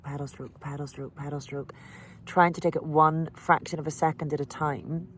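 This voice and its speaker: Irish woman, low voice, candid emotional vlog delivery, light background hiss. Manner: emotional, candid, breaks into laughter. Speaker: vlogger recounting a cycling challenge.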